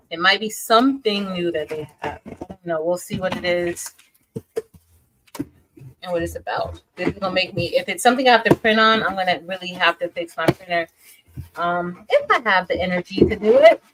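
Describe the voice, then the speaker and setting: A woman's voice: mid-range voice, a bit bright, poor audio. A young woman hosting a casual craft livestream, chatting loosely, trailing off and restarting sentences as she greets viewers by name.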